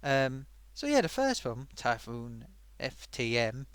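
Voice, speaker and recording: A man's voice: mid-range voice, very animated, slow, fairly bright tone, clear, resonant tone, no echo. A man voicing a cheeky male sock puppet host, reading viewer comments in a chatty way full of oofs and sighs. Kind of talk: live-stream chat.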